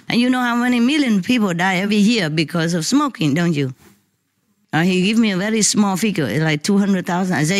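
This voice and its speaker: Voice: mid-range voice, brisk. Chatty speaker, non-native English, casual anecdote, frequent laughs. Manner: laughs often while telling. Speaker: spiritual teacher. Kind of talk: casual anecdote told to listeners. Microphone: live stream microphone.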